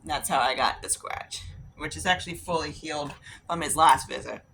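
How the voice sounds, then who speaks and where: A beauty vlogger chats through her makeup routine, rambling into stories, swearing casually and doing little voices for the people in them. Her low, creaky voice sounds bright and forward at a moderate pace. A faint hiss of noise sits underneath.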